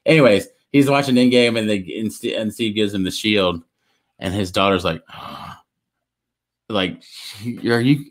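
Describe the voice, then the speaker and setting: A man co-hosting a casual podcast, retelling stories in a rambling, animated way with lots of restarts. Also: lowish voice, a little slow. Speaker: podcast co-host. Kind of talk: casual chat.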